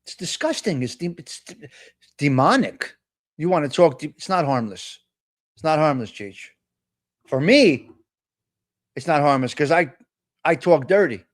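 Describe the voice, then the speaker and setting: High-voiced man ranting profanely. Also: measured pace, pauses often. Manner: profane, excitable rants. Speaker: host. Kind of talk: live-stream casual chat.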